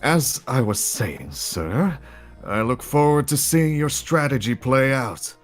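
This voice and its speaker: A man's voice: mid-range voice, animated, takes it slowly, soft background music. A man voicing a polite, eager young officer, speaking in a deferential, stammering way. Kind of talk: live dramatic read-through of a musical.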